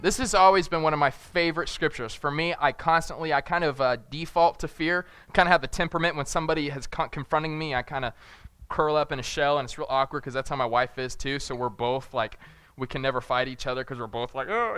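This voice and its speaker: Animated young man preaching. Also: fairly quick, clear, resonant tone, no echo. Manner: animated, jokey, acts out voices with big pitch jumps. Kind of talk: casual sermon.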